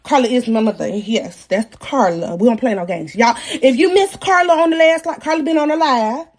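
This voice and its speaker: A high-voiced young woman with a breathy, husky edge spins a story for her live viewers. She talks loose and slangy, animated the whole way through, and jokes with her audience as she goes. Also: normal speed. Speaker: live-stream host. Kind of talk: casual storytelling on a livestream.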